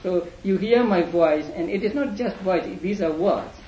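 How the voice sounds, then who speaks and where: A man teaching a class in a lecture, speaking haltingly with many fillers and repeated words. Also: high-pitched, dark tone. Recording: echoey room, faint hum.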